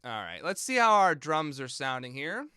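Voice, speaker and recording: A man's voice: fairly high pitch, big pitch swings, moderate pace, bright, forceful tone, smooth, no room sound, clean studio sound. A man, a film composer, chatting casually and thinking aloud as he mixes game music on a live stream and answers viewers in chat.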